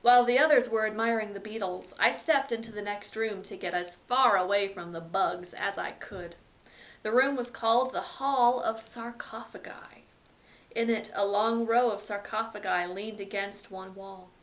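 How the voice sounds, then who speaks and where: A woman library storyteller reading a children's book aloud with a dramatic, lively delivery. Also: medium pitch, moderate pace. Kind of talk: expressive read-aloud story narration. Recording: dull lo-fi recording.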